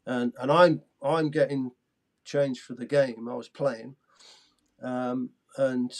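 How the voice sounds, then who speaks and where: A man's voice: medium pitch, fairly even intonation, slow pace. A man in his sixties telling stories as an interview guest, eager and tripping over his words with many restarts. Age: 60s. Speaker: guest, former footballer. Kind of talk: casual interview storytelling.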